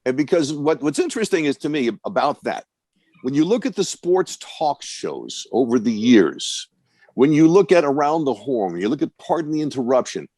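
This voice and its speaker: In a dry recording, an older broadcast coach speaks at medium pitch and moderate pace. As a guest speaker in a video-call question-and-answer session online, he gives confident, wry advice through lively storytelling.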